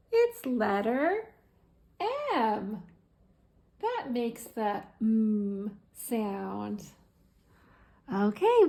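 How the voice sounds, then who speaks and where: Woman, preschool teacher, very slow drawn-out phonics lesson, high voice. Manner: slow, drawn-out, sing-song speech to small children.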